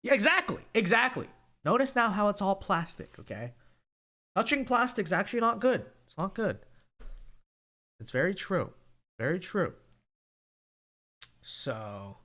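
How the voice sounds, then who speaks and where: Animated young man hosting a livestream. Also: high-pitched, unhurried, pauses often. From California. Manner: emphatic, repeats points with "okay?". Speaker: livestream host reading viewer chat. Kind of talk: casual livestream commentary.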